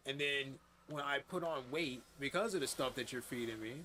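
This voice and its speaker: Candid, cursing young man with a bright voice. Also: medium pitch, fairly quick, slight background noise. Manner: candid, profane, rambling with many fillers. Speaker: gaming streamer. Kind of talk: casual chat while livestreaming.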